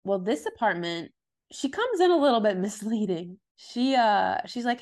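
A woman in casual conversation, retelling scenes from a show with loose, chatty energy. Her voice sits in an ordinary middle pitch for a woman, and she drops into short quoted voices as she goes. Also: expressive, normal speed, a little mellow. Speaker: podcast co-host recapping a TV episode. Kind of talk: casual chat.

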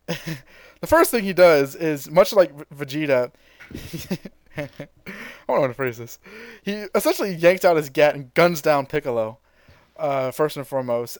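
A male podcast host in casual chat, animatedly retelling a cartoon fight and slipping into character quotes. His voice is smooth and a bit high. The sound is dry and close. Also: dry recording, low-quality recording. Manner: animated storytelling, often laughs and acts out quotes.

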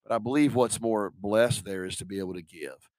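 A man's voice: on the low side, a little fast, a little mellow, dry recording. A middle-aged man, a pastor preaching a sermon in a conversational way, asking the congregation questions.

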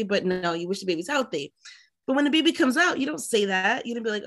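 Bright-voiced woman podcaster. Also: medium pitch, animated. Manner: quick reactions, laughing agreement. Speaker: podcast co-host. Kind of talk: casual chat.

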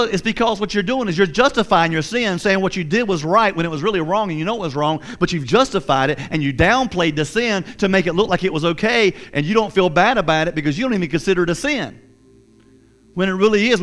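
A man's voice: high-pitched, expressive, brisk, a bit bright, soft background music. A man preaching a sermon, earnest and repetitive, often voicing the thoughts of a guilty listener. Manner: earnest, repetitive, acts out inner voices. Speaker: pastor.

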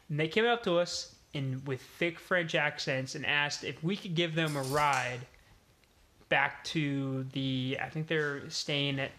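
Bright-voiced, swearing male storyteller. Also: medium pitch, slight background noise. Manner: animated, swears freely, storytelling. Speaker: podcast co-host. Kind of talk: casual storytelling chat. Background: pets in the room.

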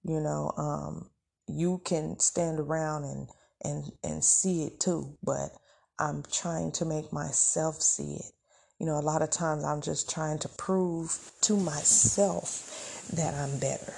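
Slow gravelly woman, warm and mellow. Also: deep voice, steady tone. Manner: encouraging, conversational, faith-filled. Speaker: podcast host. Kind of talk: motivational casual monologue.

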